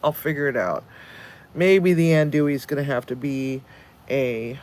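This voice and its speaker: A cooking channel host with a mid-range, darkish voice talks at an unhurried pace. He sounds tired as he chats casually, swearing now and then and laughing often.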